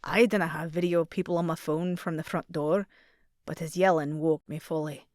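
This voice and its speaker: A woman narrates a romance audiobook in a measured, expressive reading voice. Her voice sits on the low side, and the recording is dry and close with no room sound. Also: no room sound.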